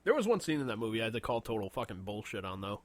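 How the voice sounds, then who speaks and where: A man's voice: lowish voice, very animated, racing, dry recording. A man co-hosting a casual podcast chat, rambling, swearing a lot and laughing often. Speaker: podcast co-host.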